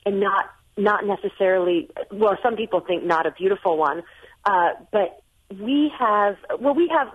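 An American woman, a guest author, chatting on a radio call-in show, thinking aloud with frequent restarts. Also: mid-range voice. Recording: tinny phone line.

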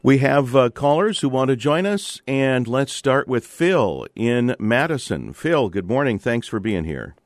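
A man hosting a public radio call-in show, relaxed and chatty, with frequent fillers and restarts. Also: medium pitch, a little slow, hardly any pauses, no echo. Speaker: radio talk show host. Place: radio studio.

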